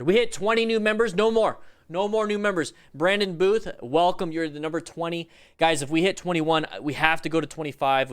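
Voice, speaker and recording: A man hosting a casual livestream, reacting to motorcycle clips, chatty and excitable, greeting viewers and swearing now and then. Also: a little high, clear, resonant tone.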